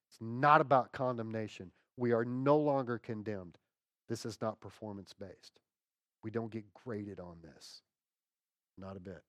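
Male pastor, animated sermon delivery, loud bursts and hushed asides, dry close recording. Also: mid-range voice, no room sound.

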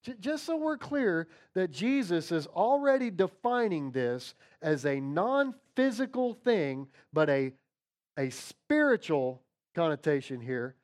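A man preaching a sermon in a casual, conversational way, correcting himself mid-sentence, dropping to a hush when reading scripture and building to a rising chant. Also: on the high side, sing-song, slow. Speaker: pastor.

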